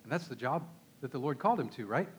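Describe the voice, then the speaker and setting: A man's voice: mid-range voice, animated, quick pace, breathy edge. A man with a Texan accent preaching a conversational sermon, emphatic and often asking his listeners rhetorical questions. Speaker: pastor.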